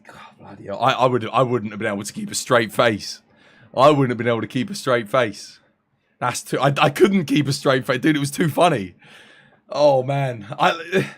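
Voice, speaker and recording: A young British man chatting casually on a live stream, animated and laughing in exasperated banter. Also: a little high. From United Kingdom.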